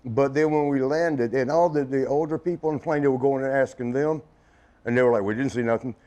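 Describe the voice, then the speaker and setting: A man's voice: medium pitch, brisk, mellow. A middle-aged man as an interview guest, telling a rambling anecdote in a casual way, often chuckling and acting out other people's lines.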